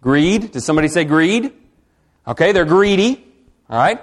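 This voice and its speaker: Pitched a little high and sounding animated, a man preaches to his congregation in a conversational style. He asks them questions and swings between quiet, slow lines and emphatic ones.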